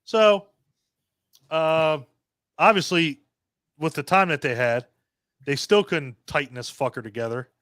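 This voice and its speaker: A man reviews a movie on a casual podcast, ranting in an animated way and swearing constantly. His voice sits a little high. The sound is dry and close. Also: a little slow, long pauses, no echo. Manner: animated, heavily profane ranting with mocking quoted voices. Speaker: podcast co-host reviewing a film.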